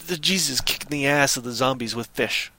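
A man chatting on a podcast, animatedly retelling movie scenes and slipping into quick voices for the characters. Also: mid-range voice, sharp tone, no echo. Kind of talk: casual chat.

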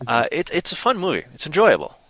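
A man chatting on a podcast, animatedly retelling movie scenes and slipping into quick voices for the characters. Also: on the high side, huge pitch swings, a bit bright, no room sound. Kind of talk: casual chat.

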